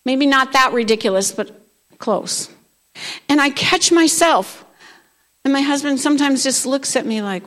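Woman pastor preaching in church, high voice, reads verses then declares them loud. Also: a little slow, pauses often. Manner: preaching with rising declarations of scripture. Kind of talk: sermon. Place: church sanctuary.

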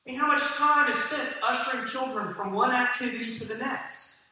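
A man's voice: extremely high pitch, a little fast, bright, forceful tone. A man preaching a sermon to his congregation in a church, talking conversationally and asking his listeners questions. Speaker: pastor. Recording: echoey hall from a distance.

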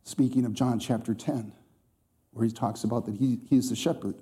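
A man's voice: mid-range voice, steady tone, brisk, mellow. A man preaching a sermon to a congregation, quoting scripture and speaking to the listeners directly with emphatic rhythm.

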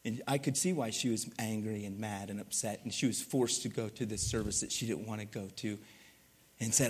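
A man preaching, telling a lively story and acting out the voices, then going quiet to drive the point home. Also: lowish voice, brisk, breathy edge, in a large hall. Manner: animated, acts out voices, drops to quiet for the point. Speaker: pastor. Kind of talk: sermon storytelling.

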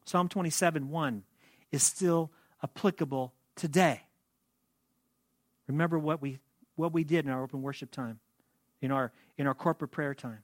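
A pastor preaching in a dry, close room. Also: male voice, a little high, dry recording. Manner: measured preaching with slow, hushed prayerful passages. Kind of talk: sermon.

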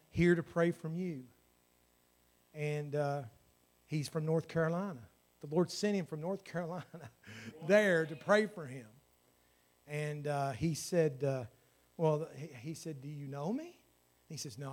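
A man's voice: a little high, darkish tone. A man, a pastor telling a story in his sermon and then praying with fervour. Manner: storytelling that builds to fervent praying.

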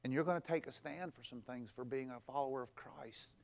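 A pastor preaching a conversational sermon, stacking emphatic, repeated phrases and acting out what people say. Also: male voice, mid-range voice, brisk, vocal fry. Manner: repetitive, emphatic build-ups.

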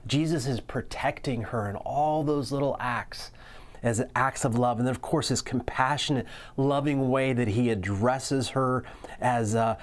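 A man preaching a sermon in an earnest way, slowing down to stress key lines. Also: medium pitch, steady tone. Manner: earnest preaching, slows down for emphasis. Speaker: pastor.

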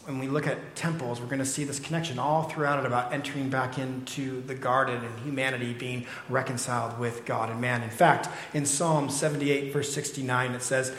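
A man's voice: medium pitch, a bit bright, a little hiss or hum. A middle-aged man preaching a sermon as pastor, conversational, with rhetorical questions to the congregation. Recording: echoey hall.

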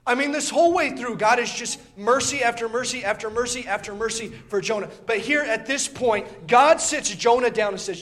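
A man preaching a sermon with passion, reading scripture in old-style wording, swelling loud and then dropping low, and often repeating his words. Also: expressive, a little fast, few pauses.

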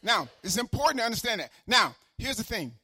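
A man in his sixties preaching a sermon with fervor, repeating phrases and swinging from shouts to quiet asides. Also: high voice, sing-song, brisk, breathy edge, no room sound, clean studio sound. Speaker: pastor.

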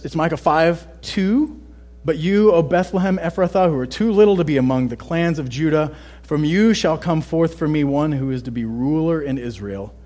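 Husky-voiced man preaching casually. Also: a little high, darkish tone. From Texas. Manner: conversational, often adds "right?". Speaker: pastor. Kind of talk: sermon.

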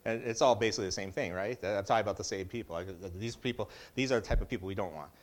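Man, low voice, casual Bible lesson, chatty, jokes, restarts a lot. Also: very fast. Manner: conversational, joking asides, frequent restarts. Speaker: Bible study teacher.

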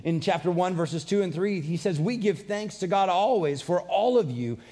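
A man's voice: high voice, expressive, moderate pace, mellow. A man preaching a sermon, earnest and conversational, mixing scripture with personal stories. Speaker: pastor.

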